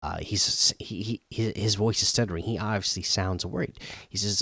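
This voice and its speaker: A man with a low voice talks through a TV episode in a loose, unscripted recap. He fills his pauses with ums and uhs and chuckles now and then. The sound is dry and close, with no room around it. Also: lively intonation, a bit bright, no echo. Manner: frequent ums and uhs, chuckles while retelling. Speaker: show host reviewing a TV episode. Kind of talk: casual spoken episode recap.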